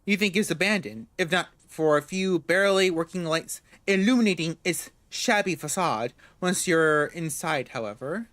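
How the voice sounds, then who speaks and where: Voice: medium pitch, normal speed, few pauses, fairly bright tone, no room sound. A let's-play host reading a story game's narration aloud in a casual way, with joking asides.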